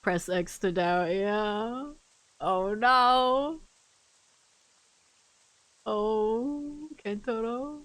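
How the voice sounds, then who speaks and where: A woman's voice: a little high, extremely slow, long pauses, a bit bright. A woman game streamer chatting casually, reacting aloud and laughing while she plays. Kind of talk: casual gameplay commentary.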